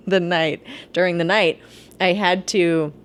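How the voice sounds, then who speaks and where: A woman's voice: on the low side, fairly even intonation, takes it slowly. A woman co-hosting a podcast in casual chat, giggling often as she talks. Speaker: podcast co-host.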